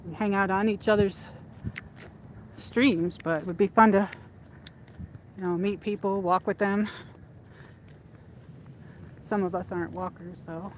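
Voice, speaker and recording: A medium-pitched, steady voice at a measured pace, pausing often, belongs to a woman giving a walk-and-talk livestream. She chats casually and rambles with many fillers into a handheld phone while outdoors in a shopping area at dusk, with a little hiss or hum present.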